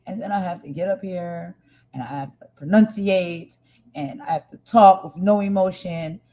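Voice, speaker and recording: A woman's voice: lowish voice, normal speed, dark tone. A woman hosting a livestream, talking earnestly and with passion to her viewers. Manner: earnest, impassioned, talks to viewers directly. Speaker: livestream host. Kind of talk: emotional livestream commentary.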